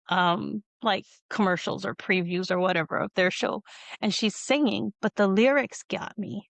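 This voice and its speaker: A woman's voice: medium pitch, fairly bright tone, dry recording. A woman hosting a video-call interview, telling a long personal story in a rambling, tearful way with frequent laughs. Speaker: host. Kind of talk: emotional conversational storytelling.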